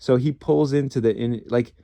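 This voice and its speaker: A man's voice: medium pitch, normal speed, gravelly, dark tone, no room sound. A man in his thirties, a former police officer, telling rambling stories in casual chat, swearing and putting himself down, with many restarts. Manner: rambling, swearing, self-deprecating with frequent restarts. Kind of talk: casual storytelling.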